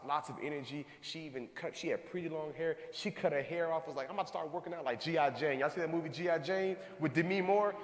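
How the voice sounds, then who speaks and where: Animated male speaker in an echoey hall. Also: fairly high pitch. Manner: animated storytelling, acting out his own quoted reactions. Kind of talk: motivational talk to a live audience. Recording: echoey hall, long reverb.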